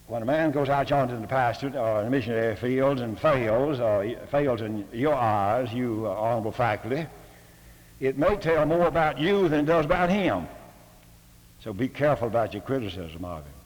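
An older man, giving a homespun, humorous address to a seminary faculty, full of fillers and rhetorical questions. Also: mid-range voice. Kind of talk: folksy sermon-style address. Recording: long hall reverb.

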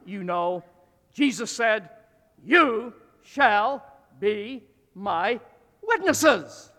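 Emphatic older northern US preacher in hall. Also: male voice, sits high. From Illinois. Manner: emphatic, storytelling with swings in loudness. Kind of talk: sermon. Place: church sanctuary, at a pulpit.

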